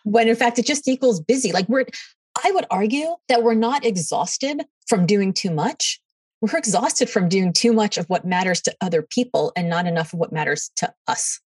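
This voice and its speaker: A middle-aged woman, a podcast guest, answering in an animated way and acting out what others said to her. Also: medium pitch, moderate pace, slightly rough, dry recording, recorded from a distance. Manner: animated, quotes others in dialogue. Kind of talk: storytelling interview answers.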